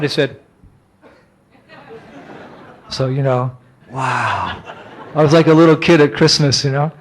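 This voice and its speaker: A man, a monk, giving an animated, anecdotal lecture and chuckling often as he tells stories. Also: fairly high pitch.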